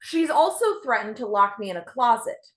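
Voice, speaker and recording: A young adult woman doing a stand-up set with a self-deprecating, deadpan delivery. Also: a little high, moderate pace. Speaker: stand-up comedian.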